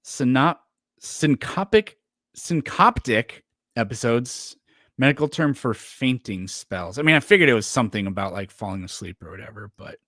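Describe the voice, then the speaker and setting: A man's voice: fairly low pitch, moderate pace, fairly bright tone, dry recording, clean studio sound. A man chatting casually on a livestream, rambling with lots of fillers and restarts. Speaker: streamer.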